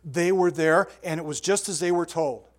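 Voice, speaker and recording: Older man preaching, animated and chatty. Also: fairly high pitch, normal speed. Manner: animated storytelling with sound effects and asides. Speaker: pastor. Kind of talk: sermon.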